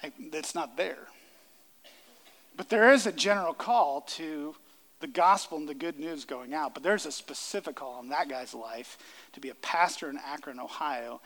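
A male pastor delivers a sermon to his congregation in a slightly high voice, earnest and given to repeating phrases for emphasis. His words ring out with a long reverb, as if recorded in a large church hall. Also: moderate pace, fairly bright tone. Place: church sanctuary before a congregation.

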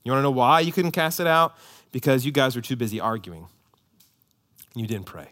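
A man preaching a sermon as pastor, impassioned and emphatic, rising to loud peaks. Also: mid-range voice, a little fast.

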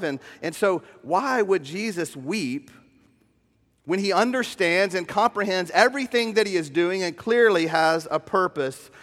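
A middle-aged man, a pastor, preaching a sermon in a church. He moves between hushed, slow tenderness and animated storytelling. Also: sits high. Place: church sanctuary. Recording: long hall reverb.

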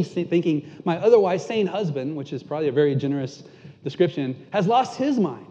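A man preaching a sermon and telling a candid, self-deprecating story. At tender moments he drops almost to a hush. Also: fairly high pitch. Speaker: pastor. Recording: muffled sound with long hall reverb.

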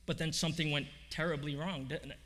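A man's voice: fairly high pitch, steady tone, fast talker, a bit bright. A man preaching a sermon, telling a story in a conversational way with many fillers, then building to emphatic points. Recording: long hall reverb.

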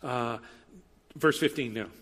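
A man's voice: mid-range voice, slow, fairly bright tone, big-room sound. A man giving a sermon as a pastor, speaking in a conversational style with emphatic repetition.

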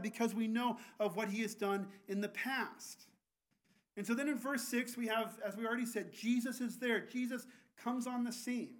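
High-voiced earnest pastor preaching. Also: male voice, steady tone, normal speed, a bit bright. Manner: earnest, frequent restarts and repeated words. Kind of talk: sermon.

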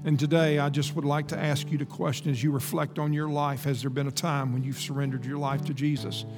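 Male pastor, sermon, gravelly voice, earnest measured delivery, long church reverb. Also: on the high side, level tone. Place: church sanctuary. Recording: reverberant hall with faint guitar.

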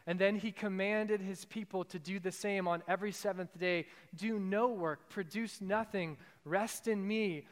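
High-voiced preaching man in reverb. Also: fairly bright tone, clear, resonant tone. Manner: earnest, repeats key lines for emphasis. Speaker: pastor. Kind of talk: sermon.

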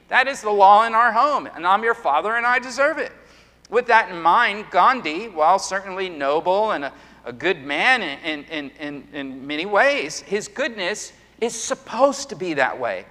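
A man's voice: high voice, animated, normal speed, bright, forceful tone. A middle-aged male pastor preaching an earnest sermon, full of emphatic rhetorical questions. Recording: long hall reverb.

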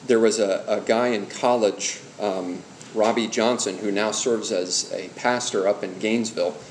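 A man's voice: lowish voice, steady tone, moderate pace. A middle-aged male pastor teaching a church class on evangelism in a conversational way, asking the room questions and telling personal stories. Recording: roomy hall with faint background hum.

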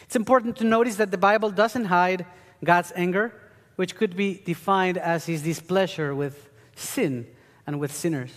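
High-voiced earnest male preacher. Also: moderate pace. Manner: earnest teaching with emphatic bursts. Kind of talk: sermon. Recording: long hall reverb.

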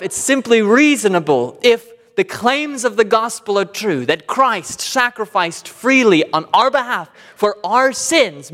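A man's voice: high voice, a bit bright. A man preaching a sermon as pastor, earnest and emphatic, driving points home with repeated phrases. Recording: long hall reverb.

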